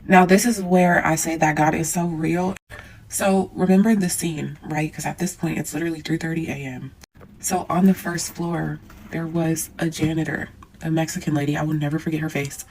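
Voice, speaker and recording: Young woman vlogger, storytime to camera, lowish voice, faint room hum, animated and blunt. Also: normal speed, poor audio. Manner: animated, swears, addresses viewers as y'all.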